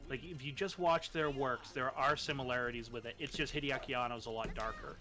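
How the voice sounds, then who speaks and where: Young man, casual stream chat, excited, swears, music behind. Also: medium pitch, fairly quick. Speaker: co-host.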